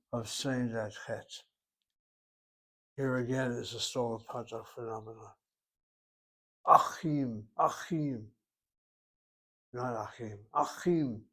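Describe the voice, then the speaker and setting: A Hebrew teacher with a medium-pitched, darkish voice leads a recorded language lesson. He works through each word aloud, step by step and methodically.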